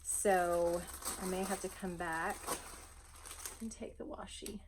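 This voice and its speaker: A woman chatting casually as she unboxes a gift at home, gushing, breathy and often dropping to soft whispers. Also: on the low side, steady tone, slow pace, background noise. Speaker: vlogger unboxing a gift box.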